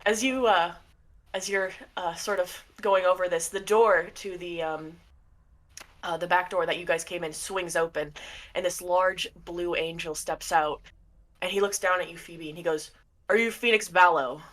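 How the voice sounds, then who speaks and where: A woman narrating a tabletop game as game master in a relaxed way with many fillers. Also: fairly low pitch, moderate pace.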